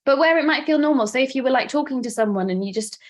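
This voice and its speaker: A woman with a Welsh accent teaching a live online workshop, chatty and fast-talking, laughing often. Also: high voice, lively intonation. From Wales. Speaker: presenter and coach.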